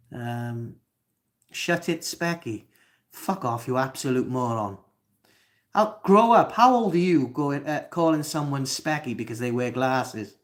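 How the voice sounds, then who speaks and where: A Welsh man in his twenties hosting a live stream, reading chat comments aloud and swearing at trolls. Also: medium pitch. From Wales. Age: 20s. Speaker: livestream host.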